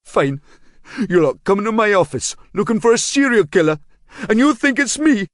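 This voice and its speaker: A man's voice: high voice, sing-song, normal speed, dry recording, studio quality, voice pushed up. A man voicing a young local man, harsh and full of rage, who threatens with a knife. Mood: enraged, defensive. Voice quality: harsh, raging.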